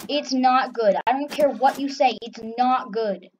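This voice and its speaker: A woman's voice: high-pitched, moderate pace, few pauses, a little mellow. A young woman commenting on her own gameplay, swinging between mock cheer and grumbling complaints. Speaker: gaming YouTuber. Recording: slightly dull lo-fi audio with faint noise.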